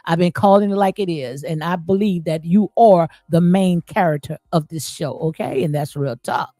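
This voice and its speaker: A woman's voice: lowish voice, a little mellow, no echo. Emphatic woman host with a dry close sound. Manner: emphatic, repeats phrases, frequent "okay?" and "absolutely". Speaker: commentary channel host reading live chat. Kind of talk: casual reality-show commentary.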